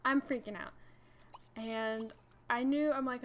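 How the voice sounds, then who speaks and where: A young adult woman telling an animated story over gameplay, full of "like" fillers. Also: a little high, slow, long pauses. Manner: animated, breathless retelling with many "like" fillers. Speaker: gaming channel host.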